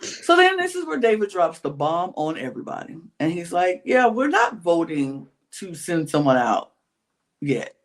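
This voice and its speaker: Recapping a reality show on a podcast, this co-host keeps it casual and very animated in a mid-range voice. They perform other people's lines, occasionally in a whisper, and stretch out colloquial exclamations.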